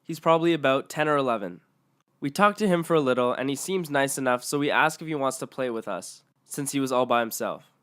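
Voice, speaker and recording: A man's voice: mid-range voice, brisk, a bit bright, clean tone. A man narrating online stories aloud in a matter-of-fact way.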